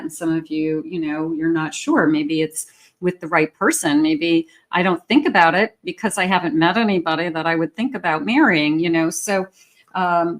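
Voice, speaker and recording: A woman with a fairly low voice gives a relaxed tarot reading straight to her viewers. She talks in a loose, chatty way, restarts her phrases and breaks into light laughs now and then. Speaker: tarot reader.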